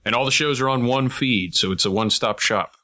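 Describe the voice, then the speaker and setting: A man's voice: mid-range voice, fairly quick, pushed and bright. A man hosting a podcast, chatting casually, rambling and joking with sarcastic asides. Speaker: podcast host.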